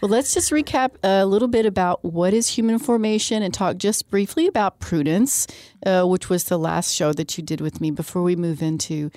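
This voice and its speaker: A woman's voice: fairly low pitch, moderate pace, a little mellow, no echo. A woman hosting a faith radio talk show, chatty and enthusiastic, with a lot of fillers. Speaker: radio host.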